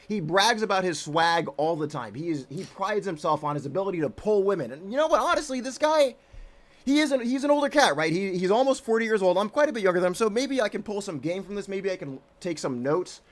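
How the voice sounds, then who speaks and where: A man's voice: high-pitched, expressive, quick pace. A man ranting crudely and sarcastically in a recorded video.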